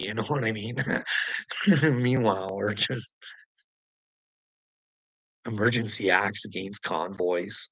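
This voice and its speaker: A man's voice: fairly low pitch, takes it slowly, pauses often, a bit bright, no room sound, rough recording. A man from Canada, ranting profanely at his viewers about politics and laughing between points. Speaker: vlogger. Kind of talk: angry political rant to viewers.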